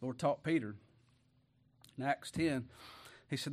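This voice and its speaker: A man's voice: medium pitch, takes it slowly. A middle-aged man preaching a sermon in a folksy way, firing rhetorical questions at his congregation.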